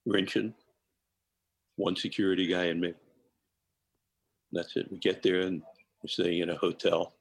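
Gravelly low-voiced older man. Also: unhurried, long pauses. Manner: animated anecdotes, laughs between phrases. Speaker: podcast guest. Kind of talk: storytelling in a podcast interview.

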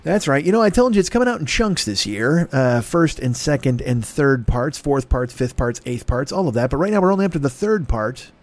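A man's voice: mid-range voice, very animated, fairly quick, hardly any pauses. A man hosting a podcast, rambling through a profane, jokey sponsor plug full of asides. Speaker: podcast host. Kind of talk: casual podcast ad read.

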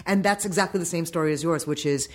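Fast-talking male voice director. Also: a little high. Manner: fast, animated storytelling with acted-out quotes. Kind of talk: conversational interview.

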